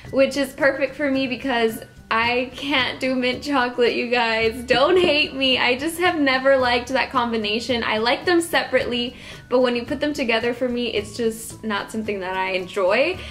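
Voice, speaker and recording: A woman's voice: fairly high pitch, moderate pace, a bit bright. Chatty young woman from Texas. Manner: chatty, friendly, laughs often. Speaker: vlogger. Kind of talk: casual product review vlog.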